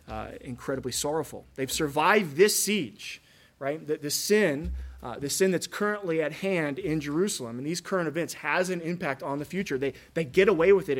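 Male pastor, slightly higher voice, casual preaching style that keeps checking in with "right?". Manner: conversational preaching, frequent "right?" asides. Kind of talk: sermon.

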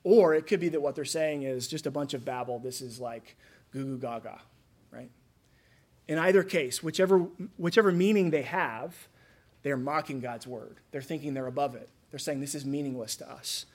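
A man's voice: a little high, moderate pace. A man preaching a sermon in a conversational way, acting out the voices he quotes. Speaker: pastor.

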